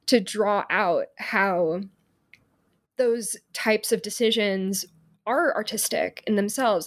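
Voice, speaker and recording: A woman author answering interview questions in an articulate way, with frequent fillers and asides. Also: medium pitch.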